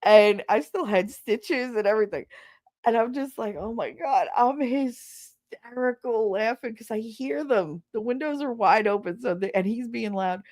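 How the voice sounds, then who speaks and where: A woman's voice: fairly high pitch, moderate pace, a little mellow. A middle-aged woman hosting a podcast, telling a story in a casual, blunt and profane way, laughing as she goes. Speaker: podcast host.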